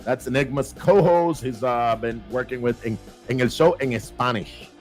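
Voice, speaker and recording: Energetic man hosting a livestream. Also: mid-range voice, normal speed, faint music behind. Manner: lively, shout-outs to viewers, mixes in Spanish phrases. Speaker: show host. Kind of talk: casual livestream chat.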